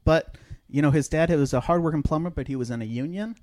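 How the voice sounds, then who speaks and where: A man's voice: a little high, fast, a little mellow, no room sound, clean studio sound. A man on a comedy podcast retelling a book in a put-on Italian American accent, full of fillers and asides. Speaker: podcast host. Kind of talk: casual comedic book discussion.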